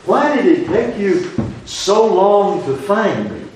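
A man voicing the twelve-year-old boy Jesus, asking gentle, earnest questions in a slightly raised voice. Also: high-pitched, big pitch swings, takes it slowly, a little hiss or hum, voice pushed up, full character voice. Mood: earnest questioning. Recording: echoey church room, distant mic.

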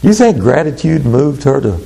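A man preaching a sermon, speaking slowly and deliberately, then breaking into quick asides. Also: mid-range voice, sing-song, vocal fry, dark tone, breathy edge. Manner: measured, drawn-out delivery with sudden fast asides.

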